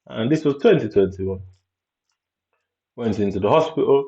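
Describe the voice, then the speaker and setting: A man telling a personal story in blunt, profane casual talk, voicing other people's lines with sudden high jumps. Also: lively intonation, moderate pace, mellow. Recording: dull lo-fi recording.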